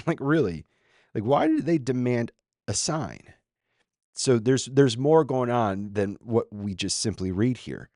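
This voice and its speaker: A man's voice: medium pitch, animated, unhurried, a little mellow, dry recording. Chatty male pastor, dry sound. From Minnesota. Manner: chatty, lots of fillers and restarts. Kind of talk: casual sermon commentary.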